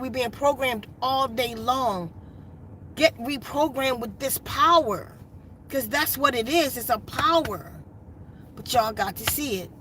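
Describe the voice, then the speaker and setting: A woman's voice: high voice, fairly bright tone, slight background noise. A woman hosting a meditation channel, telling a personal story in a casual, earnest and repetitive way from inside her RV. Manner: earnest, repetitive, emphatic retelling.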